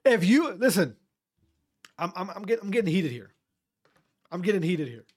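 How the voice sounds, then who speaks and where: A man's voice: high voice, sing-song, normal speed, a little mellow, breathy edge. A man hosting a podcast, delivering a fiery, profane rant and repeating himself for emphasis. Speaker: podcast host.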